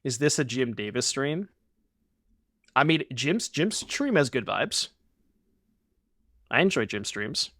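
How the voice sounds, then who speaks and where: A man's voice: mid-range voice, lively intonation, takes it slowly, pauses often, sharp tone, dry recording, clean studio sound. A young man streaming a card game, chatting casually and rambling to his viewers with the odd swear.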